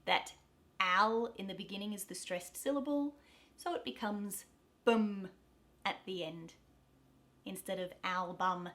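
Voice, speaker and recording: An Australian woman teaching pronunciation, repeating example words slowly and clearly. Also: mid-range voice, lively intonation, sharp tone. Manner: demonstrates words slowly, repeating each several times. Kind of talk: pronunciation lesson.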